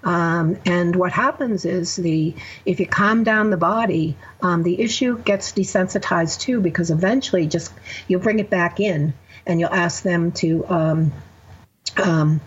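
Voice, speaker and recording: A woman's voice: on the low side, measured pace, breathy edge, highs cut off. A woman therapist guest on a podcast, explaining her method step by step with examples. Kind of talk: podcast interview.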